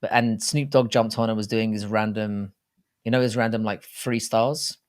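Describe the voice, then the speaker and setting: A British man co-hosting a live fight-talk stream, chatting casually in an animated, jokey and rambling way with plenty of swearing. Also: fairly low pitch, moderate pace. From Britain. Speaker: co-host of a live fight show.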